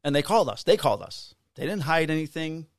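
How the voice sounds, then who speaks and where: A man's voice: a little high, sing-song, quick pace, dry recording, clean studio sound. A middle-aged man on a podcast, casually telling a work story, swearing freely and acting out the people he quotes in a raised voice. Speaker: podcast co-host, police officer.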